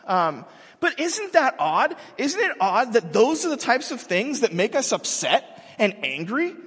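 Husky-voiced man preaching in a reverberant hall. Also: extremely high pitch, sing-song, measured pace, fairly bright tone. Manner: casual, self-mocking, conversational preaching. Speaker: pastor. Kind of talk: sermon.

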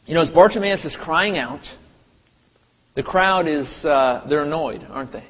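Preacher, male, fairly high voice, animated delivery, dull lo-fi sound in a reverberant church. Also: normal speed. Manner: animated, acts out crowd voices with sudden loud high bursts. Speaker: pastor. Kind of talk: sermon. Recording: dull lo-fi audio with long hall reverb.

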